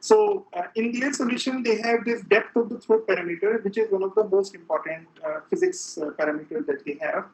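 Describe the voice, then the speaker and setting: A man giving an academic physics lecture as the seminar speaker, halting and full of filler sounds as he explains, in a lecture room. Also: sits high, a little mellow, poor audio.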